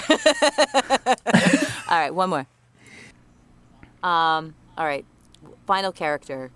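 A woman chatting casually as a guest, talking in quick bursts full of fillers. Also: low-pitched, bright, forceful tone, clean tone. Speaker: voice performer guest. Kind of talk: casual chat.

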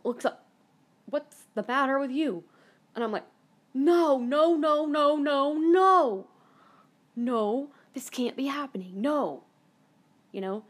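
Woman, podcast host, mid-pitch, emotional storyteller who swears and repeats herself.

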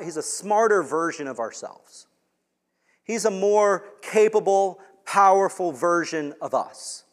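A male pastor delivers a sermon, his voice sitting a little higher than most men's. He swings between quiet, hushed passages and loud, emphatic bursts. The sound carries the long reverb of a church hall.

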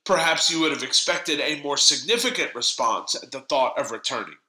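Bright-voiced man preaching in an echoey room. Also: on the high side. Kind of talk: sermon.

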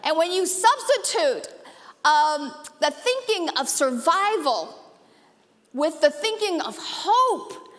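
A woman pastor giving a sermon, animated, playful and emphatic, with sudden jumps in pitch and loudness. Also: slow pace, big-room sound. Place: church auditorium.

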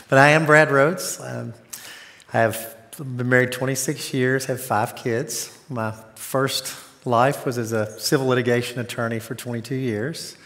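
A man's voice: medium pitch, creaky, a bit bright. A man in his fifties giving an earnest, conversational sermon to a church, telling personal stories about his marriage. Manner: earnest, storytelling, speeds up in anecdotes. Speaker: guest speaker on marriage. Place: church sanctuary. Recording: reverberant church hall.

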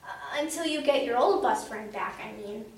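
Woman doing a soft shy little boy, subdued, echoey room, far mic. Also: a little high, expressive, moderate pace. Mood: glum. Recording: roomy, distant mic, faint hum.

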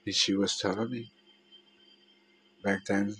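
A man telling a personal story in a halting, emotional way, with many restarts and trailing phrases. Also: on the low side, steady tone, a little hiss or hum, low-quality recording.

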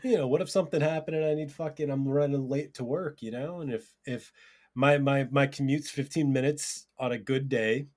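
A man's voice: medium pitch, moderate pace, darkish tone. A man in a casual podcast chat with a mid-range voice. He argues heatedly and swears constantly, and he keeps breaking into laughter while he rants. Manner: profane, argumentative, laughs often. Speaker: podcast co-host.

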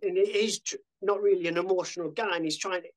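A man's voice: high-pitched, steady tone, quick pace, poor audio. A man, a podcast guest telling his story bluntly, swearing freely and fighting back emotion. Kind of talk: casual storytelling.

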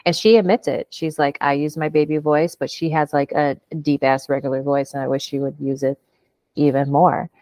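A woman hosting a casual chat, blunt and expressive. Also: low voice, moderate pace, dry recording. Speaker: podcast host.

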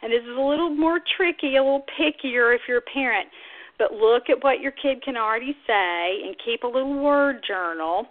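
Woman teaching with tinny phone-like sound. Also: normal speed. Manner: explains steadily, then bursts into high sing-song demonstration sounds. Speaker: speech-language pathologist host. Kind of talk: instructional podcast talk.

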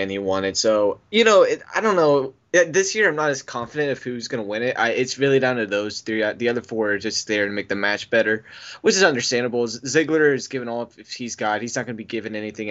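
A man's voice: on the low side, a bit bright. A man co-hosting a casual wrestling podcast, rambling through his predictions with restarts and easy laughs. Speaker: podcast co-host. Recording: dull lo-fi call audio.

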